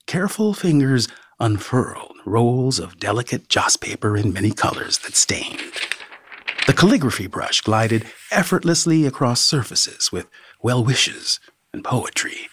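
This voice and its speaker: A male narrator reading a story in a scripted, expressive delivery, his pitch rising and falling in lively swings. He slows on key phrases and sometimes sinks to a near whisper. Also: breathy edge.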